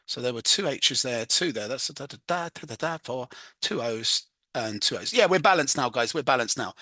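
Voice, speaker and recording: Guy doing a casual chem walkthrough, bright voice, dry close mic, hums and jokes at himself. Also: medium pitch, lively intonation, brisk, dry recording. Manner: chatty, self-mocking, hums "da da" while working. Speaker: chemistry tutor.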